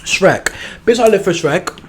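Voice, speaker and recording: A man's voice: high-pitched, lively intonation, measured pace, background noise. A young man hosting a solo podcast, chatting casually in a sassy, profane, campy manner. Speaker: podcast host.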